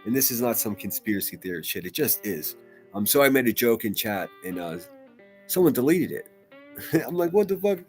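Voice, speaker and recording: A rather low-voiced man talks casually on his live stream, reading chat aloud and riffing between comments. He swears freely and doubles back on his words as he tells stories. Soft guitar music plays faintly underneath. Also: lively intonation, a little fast. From United States. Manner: loose and profane, rambling with restarts. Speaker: livestream host.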